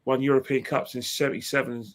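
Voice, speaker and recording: A man's voice: mid-range voice, level tone, fast talker. A man co-hosting a casual chat, telling football stories in a matter-of-fact way. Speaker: show co-host.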